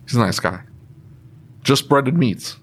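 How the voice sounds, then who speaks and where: A man in casual podcast chat, telling animated stories and giving emphatic opinions. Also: medium pitch, slow, slight background noise. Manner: animated storyteller, emphatic opinions about food.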